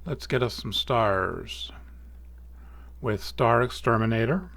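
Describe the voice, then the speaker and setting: A man hosting an astrophotography tutorial, talking casually through software steps and correcting small slips as he goes. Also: mid-range voice, takes it slowly, gravelly. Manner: relaxed, thinking aloud with small slips and self-corrections. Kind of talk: casual screen-recorded software walkthrough.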